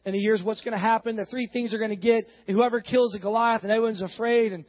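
Guy with a really high voice preaching, chatty storytelling that ramps up, long echo in a church. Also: fast. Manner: casual, animated storytelling with rising exhortation. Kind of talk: sermon. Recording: dull sound with long hall reverb.

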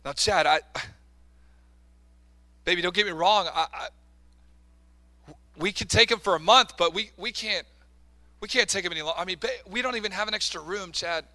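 A man voicing a doting mother who excitedly fusses over her grown son in a sermon story. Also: high-pitched, moderate pace, pauses often. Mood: hesitant. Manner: excited and fussing, then hesitant.

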